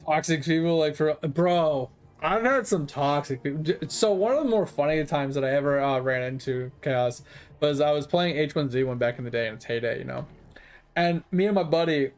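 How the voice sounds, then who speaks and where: A man's voice: on the high side, expressive, moderate pace. A man streaming games, telling rambling, laid-back stories with casual swearing. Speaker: game streamer. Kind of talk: casual storytelling while gaming.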